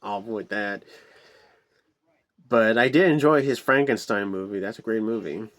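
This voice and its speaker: A man's voice: fairly low pitch, moderate pace, a bit bright. A man giving a casual, rambling movie review, swearing a lot, with many fillers and restarts and exasperated outbursts.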